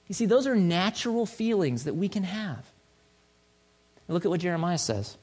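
A male pastor preaching a sermon in a conversational, joking way, swinging between loud and soft. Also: high-pitched, sing-song, moderate pace, pauses often, breathy edge.

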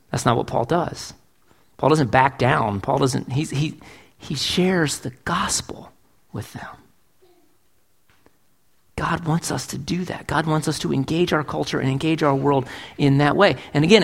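A man's voice: fairly high pitch, a bit bright. A man preaching a sermon in a church as pastor, emphatic and full of rhetorical questions. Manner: emphatic, asks rhetorical questions, acts out quotes.

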